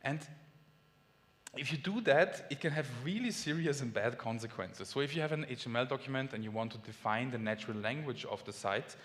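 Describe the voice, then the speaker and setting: A man from Austria with an Austrian German accent, explaining lively at a conference talk, German his first language. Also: medium pitch, brisk. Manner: lively, friendly explaining with small restarts. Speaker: conference speaker. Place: large conference hall. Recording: long hall reverb.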